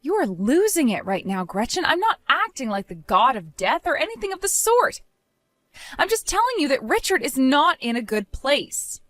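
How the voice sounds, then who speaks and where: A woman voicing a patient young daughter-in-law who talks in a measured, pointedly questioning way. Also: high voice, very animated, a bit bright, no room sound, pitched above the performer's own voice. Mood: firm.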